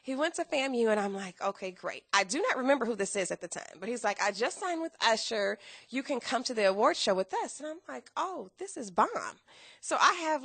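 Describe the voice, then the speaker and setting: A woman guest telling her story in a podcast interview, acting out quotes with big jumps in pitch and bursts of laughter. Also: vocal fry, a bit bright, no room sound.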